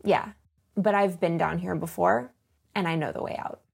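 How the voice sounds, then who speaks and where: A woman voicing a calm, reassuring male friend who speaks quietly and steadily. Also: lowish voice, normal speed, creaky, slightly rough, heavily acted.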